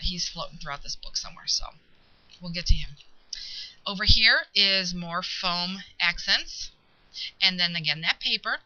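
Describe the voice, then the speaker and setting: Bright-voiced woman in a casual craft walkthrough. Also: on the low side. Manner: chatty and relaxed, pausing mid-sentence to find words. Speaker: craft video maker. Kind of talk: casual show-and-tell walkthrough. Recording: dull lo-fi home video audio.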